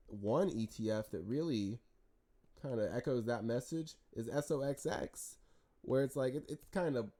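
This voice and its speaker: Mellow-voiced man talking through stock charts. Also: mid-range voice. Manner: animated and talkative, with frequent restarts and jokes. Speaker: stock market chart analyst. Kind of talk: casual market commentary over charts.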